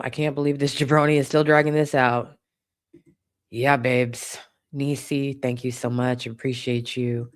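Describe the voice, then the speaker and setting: Brief: woman livestream host, casual, chatty, thanking viewers. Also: a bass voice. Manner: warm, chatty, swears casually. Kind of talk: casual livestream chat, reading viewer donations.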